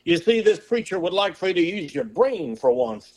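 A male preacher giving a sermon, firing off rhetorical questions in a folksy way of talking and slowing to a drawl on scripture. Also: high-pitched, big pitch swings. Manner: slows and drawls on scripture quotes; folksy turns of phrase.

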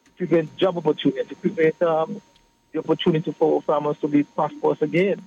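A man, a political guest explaining his views in a measured way on a radio talk show. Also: fairly high pitch, level tone, mellow. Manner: measured, explanatory, repeats phrases. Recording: muffled radio broadcast with faint hiss.

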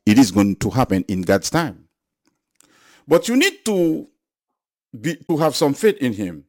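A man preaching a sermon, repeating his phrases and building to loud, emphatic appeals to the congregation. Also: mid-range voice.

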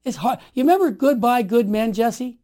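A man in his sixties telling stories in a conversation, emphatic and animated, sometimes building to forceful outbursts. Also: extremely high pitch, moderate pace. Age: 60s. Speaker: interview guest. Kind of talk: storytelling conversation.

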